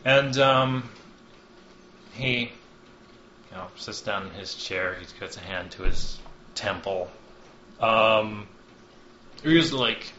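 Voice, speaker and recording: A man with a fairly low but bright, forceful voice narrates as game master, loose and self-mocking, with casual swearing. The recording is dull and lo-fi with a noticeable room echo. Faint hiss sits behind it. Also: slow, long pauses. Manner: loose, joking, swears and laughs at himself.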